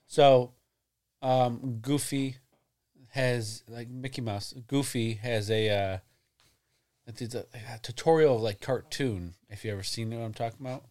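A man's voice: mid-range voice, steady tone, unhurried, darkish tone. A man co-hosting a casual podcast, joking and rambling through his points with many fillers and some swearing. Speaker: podcast co-host. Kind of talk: casual chat.

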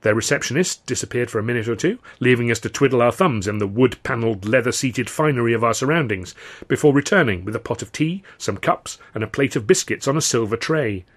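A man reading his own novel aloud as audiobook narration, with a steady, wry storytelling manner. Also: mid-range voice, fast talker.

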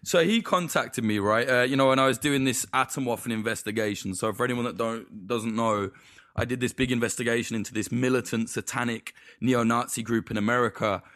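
A man's voice: mid-range voice, a little fast, fairly bright tone, dry recording, clean studio sound. A man in casual podcast chat, telling stories in a rambling, profane way full of false starts.

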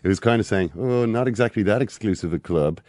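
A man from Ireland giving football opinions on a podcast, halting with many "uh"s and a dry wit. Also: fairly low pitch, darkish tone, no room sound. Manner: hesitant, full of "uh" and "um", dry wit. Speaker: football pundit. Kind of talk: casual football chat.

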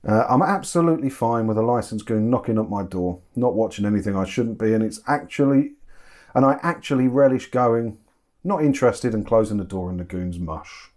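A middle-aged YouTube host chats casually from his home kitchen, his voice on the low side, fairly quick and a little mellow. He answers viewer comments, laughing often and joking about himself.

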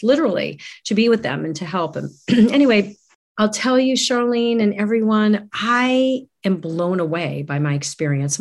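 Earnest middle-aged woman reflecting. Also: on the low side. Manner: earnest, reflective, frequent restarts. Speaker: guest. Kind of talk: candid conversation.

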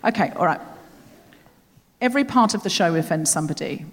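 Animated woman on a reverberant stage. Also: fairly low pitch, brisk, background noise. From Australia. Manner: animated, self-mocking storytelling. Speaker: podcast host. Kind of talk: live comedy banter. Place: theatre stage. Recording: long theatre hall reverb.

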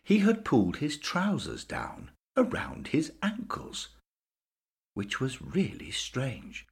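Male storybook narrator; unhurried, very lively melody. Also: medium pitch, vocal fry. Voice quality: lively, sing-song storytelling.

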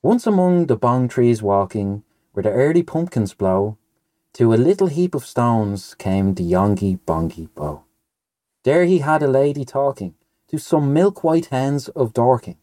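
A playful man chats with his co-host and then reads a nonsense poem with bouncy, animated rises and falls. His voice is mellow and dark in colour, recorded close and dry. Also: medium pitch, a little slow, no echo. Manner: lively, playful. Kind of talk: casual chat and poem reading.

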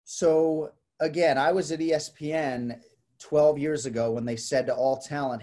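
A man in relaxed conversation, a combat sports broadcaster who talks in a lively way and acts out how names are pronounced. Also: fairly high pitch, moderate pace. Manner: animated, demonstrates name pronunciations. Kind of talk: casual chat.

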